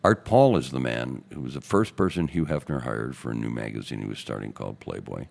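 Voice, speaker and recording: Gravelly, deep-voiced older man spinning stories. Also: brisk. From Chicago. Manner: animated anecdotes, acting out quotes in other voices. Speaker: newspaperman and radio host, podcast guest. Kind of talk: casual storytelling interview. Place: podcast studio booth.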